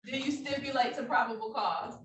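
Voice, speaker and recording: A woman's voice: high-pitched, a little fast. A woman judge running courtroom proceedings in a formal, patient, procedural manner over a video call. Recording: roomy, distant, faint noise.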